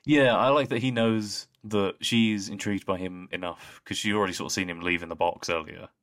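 A man co-hosting a podcast in casual chat, enthusiastic, with quick asides. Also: deep voice, steady tone, a bit bright. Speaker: podcast co-host.

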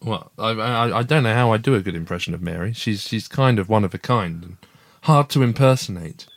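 A man's voice: lowish voice, a little fast. A man, co-hosting a casual family podcast in an easygoing way with fillers. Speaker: podcast co-host, father.

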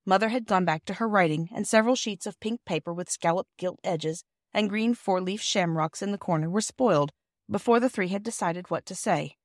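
A woman reads a children's classic aloud in a clear, measured way. Her voice sits at a middle pitch and sounds dry and close to the mic. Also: dry recording. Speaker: audiobook reader. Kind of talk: storybook narration.

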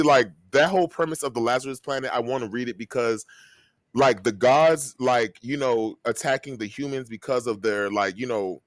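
A man's voice: mid-range voice, no echo, clean studio sound. A man co-hosting a podcast, chatting casually about comics in a rambling way full of fillers and restarts. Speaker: podcast co-host.

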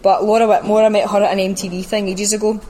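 Fast-talking Glaswegian woman. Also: medium pitch, flat delivery, mellow, a little hiss or hum. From Scotland. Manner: chatty, self-mocking, laughs often. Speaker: TV presenter, guest. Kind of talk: casual podcast chat.

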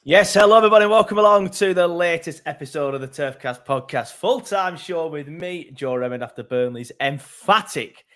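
Man, podcast host, chatty, slightly high voice. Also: animated, moderate pace, hardly any pauses, a bit bright, soft background music. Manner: chatty, reads out listener comments. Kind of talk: casual fan podcast chat.

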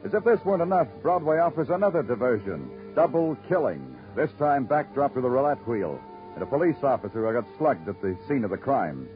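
A man's voice: mid-range voice, sing-song, a little fast, natural voice. A weary, wisecracking detective, as a man plays him with clipped, dry delivery. Music plays behind his voice. The sound is muffled, like an old radio broadcast. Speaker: narrator. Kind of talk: 1950s radio drama narration.

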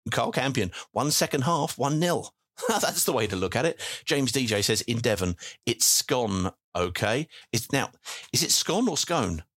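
A man's voice: mid-range voice, big pitch swings, measured pace, a bit bright, no echo, studio quality. A man with an English accent hosting a podcast, reading out listener messages in a jokey, chatty way. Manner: jokey, chatty, wordplay asides. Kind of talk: casual chat.

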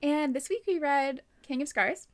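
A woman's voice: sits high, normal speed. A young woman co-hosting a podcast in casual chat, laughing and swearing as she talks. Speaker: podcast co-host.

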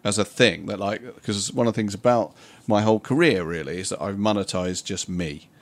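Man, lowish voice, rambling, self-deprecating, laughing often, casual podcast chat. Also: fairly quick. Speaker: podcast co-host.

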